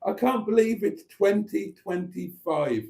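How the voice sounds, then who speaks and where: A livestream host reads viewer messages aloud in a campy, joking way during a casual live chat. His voice sits high with lively intonation, a little slow, creaky, and dark in tone, with a slight hiss or hum in the background.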